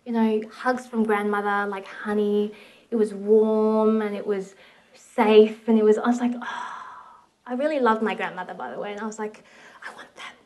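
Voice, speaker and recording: A woman from Australia telling a personal family story in a reflective, anecdotal way, with soft laughs and quoted asides. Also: mid-range voice, fairly even intonation, normal speed, poor audio.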